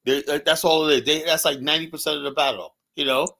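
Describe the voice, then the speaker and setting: Man from Virginia, quick animated storyteller, swears freely, loose podcast chat. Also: fairly high pitch, gravelly, over a noisy crowd. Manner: fast, animated storytelling with heavy profanity and "you know". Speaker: podcast guest, former club security.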